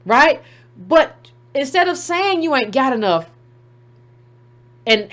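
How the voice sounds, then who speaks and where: A woman's voice: high-pitched, expressive, normal speed, long pauses, fairly bright tone. A woman hosting her own commentary show, arguing emphatically with rhetorical questions and mocking impressions of others. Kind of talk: opinionated commentary monologue.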